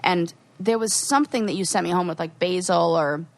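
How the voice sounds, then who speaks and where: A woman co-hosting a podcast, chatting casually and acting out what friends said in lively voices. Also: lowish voice, a little fast, vocal fry, no echo. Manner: animated, quotes people in lively put-on voices. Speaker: podcast co-host. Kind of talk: casual chat.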